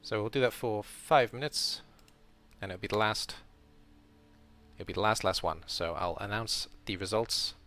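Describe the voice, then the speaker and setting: A man's voice: lowish voice, unhurried, bright, forceful tone, soft background music. A man streaming a casual round-up of his game league as host, rambling and correcting himself as he thinks aloud.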